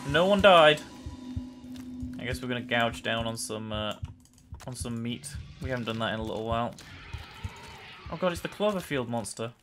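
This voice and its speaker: A young man casually commenting on his own gameplay, chatty and excitable, often breaking into yells and laughter. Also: mid-range voice, brisk, soft background music. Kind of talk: casual let's-play commentary.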